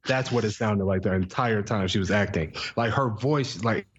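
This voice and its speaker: A man's voice: lowish voice, moderate pace, muffled recording. A young man, co-hosting a podcast and telling stories in an exaggerated way. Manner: animated, exaggerated storytelling. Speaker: podcast co-host. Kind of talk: casual chat.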